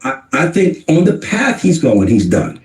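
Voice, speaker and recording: A man's voice: fairly high pitch, big pitch swings, a little slow, darkish tone, far from the mic. A man arguing emphatically in a casual podcast debate, repeating his points for effect. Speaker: podcast co-host in played clip. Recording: roomy, off-mic podcast clip.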